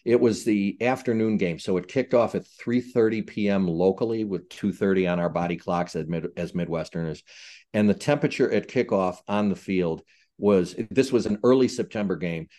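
A man's voice: deep voice, moderate pace, warm tone. An older man from Chicago, a retired football referee, telling funny anecdotes with self-deprecating humor in a casual interview.

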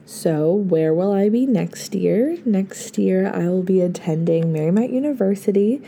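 A hoarse young woman in her late teens, a podcast host giving an earnest, effusive farewell full of thanks. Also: mid-range voice, expressive, unhurried, mellow, faint music behind. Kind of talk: casual heartfelt farewell talk.

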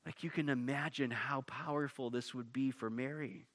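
A man's voice: mid-range voice, fairly even intonation, normal speed, a bit bright. A male pastor preaching a sermon emphatically, often restarting and repeating words as he pushes through a point.

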